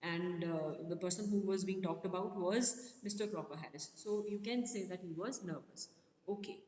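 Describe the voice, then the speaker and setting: A woman's voice: on the low side, moderate pace, darkish tone. A woman teaching a class, asking questions and repeating them to her students. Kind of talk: classroom lesson on a play excerpt. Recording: echoey room with long reverb and faint noise.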